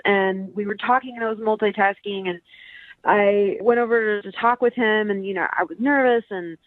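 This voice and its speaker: A woman's voice: medium pitch, normal speed, dry recording. A woman calling in to a radio show, chatting loosely and poking fun at herself with plenty of fillers. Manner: chatty, self-deprecating, lots of fillers. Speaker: caller. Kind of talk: casual phone chat. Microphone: phone. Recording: tinny phone line.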